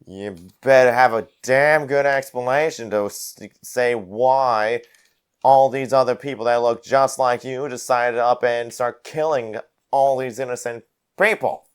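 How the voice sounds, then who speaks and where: A man voicing a gruff, threatening drunken fighter in a tabletop game. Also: mid-range voice, fairly even intonation, unhurried, voice pushed up, lightly acted. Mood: menacing. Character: gruff drunken adult male brawler.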